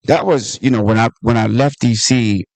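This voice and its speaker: Gravelly-voiced man telling animated stories. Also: medium pitch, normal speed, dry recording. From Washington, D.C. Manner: animated storyteller, acts out voices in anecdotes. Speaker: comedian and author at book talk. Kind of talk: storytelling in conversation.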